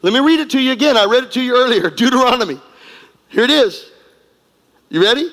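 A man's voice: very high voice, lively intonation, fast, a bit bright. A man preaching a sermon as pastor, emphatic and repetitive, leading the congregation in call-and-response. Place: church sanctuary. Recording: long hall reverb.

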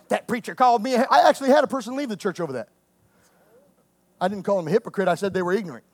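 A man preaches to his congregation, his voice sitting strikingly high. He swings between playful asides and full-throated shouts of praise, teasing the crowd one moment and calling out scripture the next. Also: expressive, fast, a little hiss or hum. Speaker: pastor. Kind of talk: sermon.

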